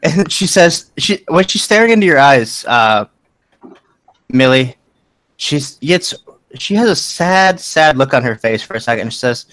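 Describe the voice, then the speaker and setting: A man with a slightly high voice runs a tabletop game as game master. He narrates casually and haltingly, restarting his sentences and often laughing. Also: animated, a bit bright, no echo.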